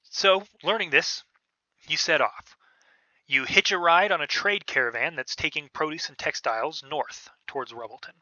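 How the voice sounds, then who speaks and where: Casual, halting game-master man. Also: on the high side, bright, forceful tone, dry recording. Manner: casual, hesitant with many fillers. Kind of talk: narrating a tabletop game. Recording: dull, lo-fi podcast audio.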